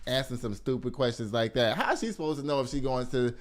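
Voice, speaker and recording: A man hosting a casual gossip news show, sassy and animated, laughing often and calling his listeners y'all. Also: mid-range voice, quick pace. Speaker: host.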